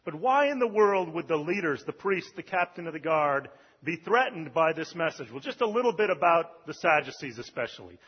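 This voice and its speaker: A male pastor delivers a sermon in a loose, conversational way, pausing on "um" and "uh" between points. His voice sits a little high and has a husky edge. The recording is dull and lo-fi, with the long reverb of a large church hall. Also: very animated. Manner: conversational preaching with fillers.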